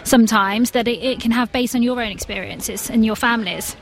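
A woman hosting a radio discussion, bringing in guests in a brisk, prompting way. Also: fairly high pitch, gravelly. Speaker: radio host.

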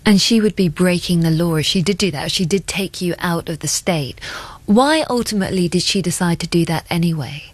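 A woman interviewing a guest, asking her questions gently and in a soft voice. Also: on the low side, a little fast, no room sound.

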